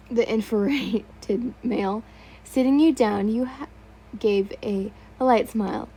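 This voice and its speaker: A woman's voice: a little high, measured pace, warm tone, slight background noise, low-quality recording. A woman reading fan fiction aloud, stumbling over words now and then and remarking on typos. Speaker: story reader.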